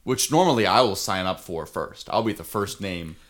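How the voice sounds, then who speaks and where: Low-voiced joking young man. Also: moderate pace. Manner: joking, filler-heavy, animated put-on quotes. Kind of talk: casual chat.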